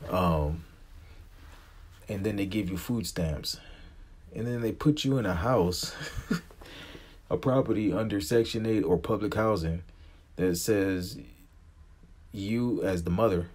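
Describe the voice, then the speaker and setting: Deep husky man ranting bluntly. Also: a little mellow. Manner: blunt, profane and impassioned. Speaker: vlogger. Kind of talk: opinion rant to camera.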